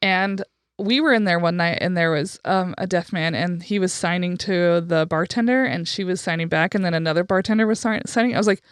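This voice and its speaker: Woman podcast host, frank chatty storyteller; smooth resonant tone, dry close sound. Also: fairly low pitch, brisk, no room sound. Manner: chatty, frank, with frequent fillers and profanity. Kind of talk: casual conversational storytelling.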